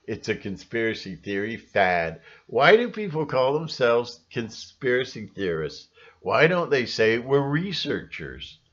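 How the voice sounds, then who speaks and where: A man's voice: mid-range voice, big pitch swings, a little slow, fairly bright tone. Male vlogger with an ordinary mid-range voice, rambling sarcastically, on a dull lo-fi home recording. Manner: sarcastic, rambling, with many fillers. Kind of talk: rambling casual monologue.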